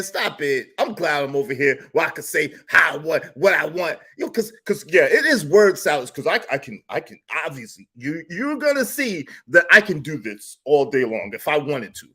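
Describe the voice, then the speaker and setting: A man ranting loudly and profanely as a commentator, swinging between shouting and a mocking slow monotone. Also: fairly high pitch, husky. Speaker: commentator and panel participant. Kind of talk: reaction rant and panel discussion.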